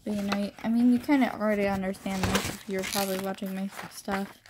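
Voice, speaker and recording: A woman's voice: medium pitch, fairly even intonation, a little fast, noisy background. A young woman chatting casually into a phone at home, rambling and self-deprecating about her drawings. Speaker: amateur artist. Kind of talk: casual chat.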